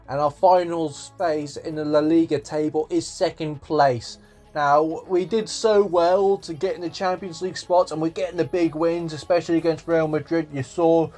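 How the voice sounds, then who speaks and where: A young man commentating his own football video game match, with outbursts of excitement whenever goals come. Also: on the high side. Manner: shouts in bursts at goals, mock-commentator tone. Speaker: gaming YouTuber.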